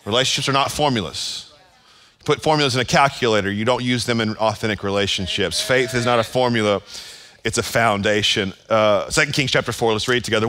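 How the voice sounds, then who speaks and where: A man's voice: medium pitch, fast talker, pushed and bright. A man pastor preaching a sermon at a church service, emphatic and full of repeated phrases.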